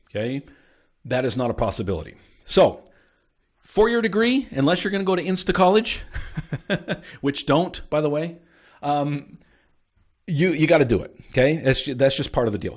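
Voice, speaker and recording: A middle-aged American man at a mid pitch hosts a casual advice podcast. He talks in a punchy, emphatic way and asks "okay?" again and again to check that listeners follow. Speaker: podcast host and appraisal coach.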